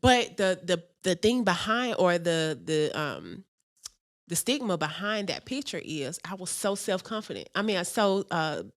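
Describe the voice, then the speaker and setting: A woman's voice: lowish voice, unhurried. A middle-aged woman co-hosting a podcast, telling personal stories frankly and with plenty of laughter. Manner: frank, animated storytelling with laughter. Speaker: podcast co-host. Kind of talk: casual chat.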